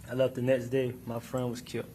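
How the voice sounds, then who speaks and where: A man's voice: medium pitch, completely flat delivery, fast talker, dark tone, slight background noise. A man testifying as a witness in a courtroom, answering with short, clipped replies. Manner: terse, repeated one-word answers. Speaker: trial witness.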